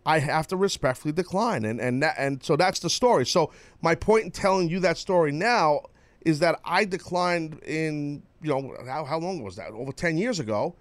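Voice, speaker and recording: A man's voice: a little high, normal speed, dry recording. A man in his fifties with a New York accent hosting a radio talk show, brash and boastful, swearing freely and breaking into sung jingles. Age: 50s. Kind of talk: loud casual radio banter.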